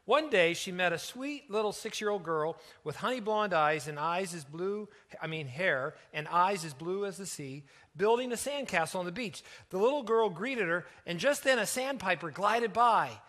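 A middle-aged man preaching as a pastor, telling a story earnestly and softening for its emotional moments. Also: high-pitched, lively intonation, normal speed, hardly any pauses. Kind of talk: sermon storytelling.

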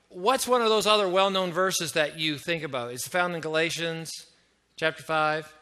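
A middle-aged Canadian pastor preaches in a lively, conversational way and keeps drawing his congregation in with questions. His voice sits high for a man. It has a bright, forceful ring. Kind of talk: sermon.

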